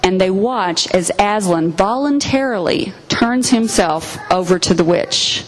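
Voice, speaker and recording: A woman giving a sermon, retelling and reading a story in an earnest, expressive way. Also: mid-range voice, measured pace, slight background noise, rough recording. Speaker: preacher.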